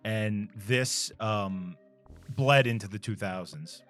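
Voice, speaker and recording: Low, bright-voiced joking man. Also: slow, faint music behind. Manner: joking, crude, laughs often. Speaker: co-host playing a retro video game. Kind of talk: casual gaming chat.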